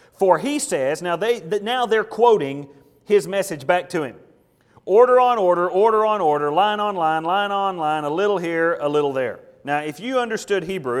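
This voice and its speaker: A preacher delivers an expository sermon with emphatic force, sinking to hushed asides and then climbing to loud declarations, mocking the voices of scoffers in dramatic swings of volume. His voice is a little high for a man. A large hall gives the sound a long, ringing reverb.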